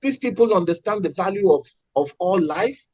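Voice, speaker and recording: A man talking passionately in a casual political discussion, with many halting restarts. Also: high-pitched, expressive, a little mellow, no echo, rough recording. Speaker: podcast co-host.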